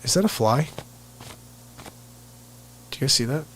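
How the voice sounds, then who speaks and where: A man from New Jersey hosting a casual live stream as a comedian, telling rambling, animated stories. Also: mid-range voice, measured pace, slight background noise. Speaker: comedian and livestream host. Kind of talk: casual livestream chat.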